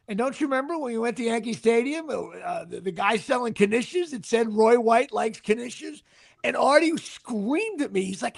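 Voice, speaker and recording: A man's voice: very high voice, lively intonation, normal speed, gravelly. A middle-aged man, an actor being interviewed, telling rambling stories with restarts and sports asides. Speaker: actor guest. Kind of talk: casual anecdotal storytelling.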